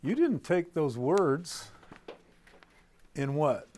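A middle-aged man teaching preachers in a playful live talk, quizzing the audience and swinging between loud and soft delivery. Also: on the high side, sing-song, extremely slow, a little hiss or hum.

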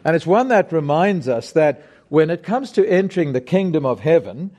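A middle-aged man preaching a sermon, emphatic and deliberate, putting rhetorical questions to his congregation. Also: a little high, very animated, dark tone.

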